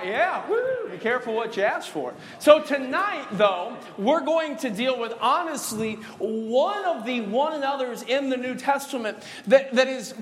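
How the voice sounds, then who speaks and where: High-pitched guy preaching in church, jokes around, asks the church to answer back. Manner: call-and-response preaching, drawn-out emphasis; jokey, laughing asides. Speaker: pastor. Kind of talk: sermon. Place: church sanctuary.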